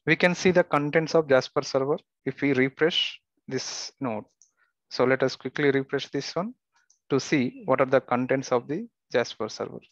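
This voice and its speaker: Male tutorial instructor, even mid pitch, dry muffled lo-fi mic, plain walkthrough delivery. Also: normal speed, no echo. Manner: steady step-by-step instructions with occasional fillers and restarts. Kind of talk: screen-recorded software tutorial.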